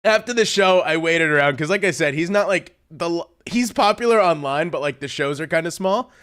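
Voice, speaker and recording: A male streamer with a slightly high voice chats casually with his viewers. He tells an anecdote with lively energy, laughing often and swearing freely. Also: brisk. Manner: animated storytelling, frequent laughing, swears. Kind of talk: casual livestream chat.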